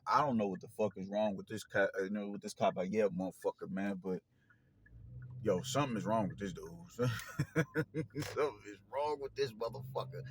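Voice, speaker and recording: Profane, animated man breaking down a fight. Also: on the low side, a little hiss or hum. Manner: animated, profane, slangy, repeats phrases. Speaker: boxing commentator, show host.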